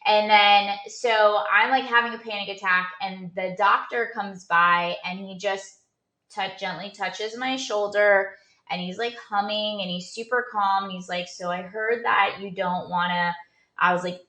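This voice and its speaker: Woman coach talking straight to camera, earnest, lots of restarts, bright voice, roomy echo. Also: mid-range voice, fairly even intonation, a little slow. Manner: earnest storytelling with many restarts and fillers. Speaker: performance coach. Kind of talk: casual motivational talk.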